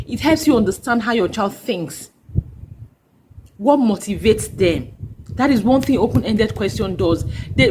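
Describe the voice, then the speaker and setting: A woman's voice: medium pitch, slight background noise, poor audio. A woman hosting a parenting podcast, giving earnest, emphatic advice and repeating her key points. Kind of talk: instructional talk.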